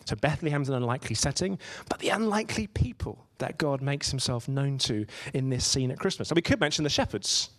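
A man's voice: medium pitch, lively intonation, fairly quick, hardly any pauses, a bit bright. A man giving a conversational sermon, telling stories and asking his listeners rhetorical questions. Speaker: preacher.

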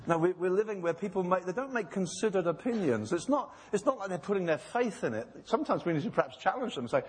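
A man preaches a sermon in a slightly raised, husky voice. He is earnest, acts out the voices he quotes, and slows down to stress his points. The sound carries the long reverb of a large hall. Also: high voice, lively intonation.

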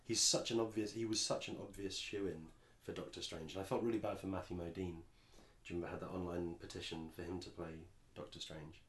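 A man's voice: low-pitched, fairly even intonation, fairly quick, hardly any pauses, fairly bright tone, roomy sound. An English man co-hosting a podcast, chatting casually and rambling with frequent restarts. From England. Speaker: podcast co-host. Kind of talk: casual chat.

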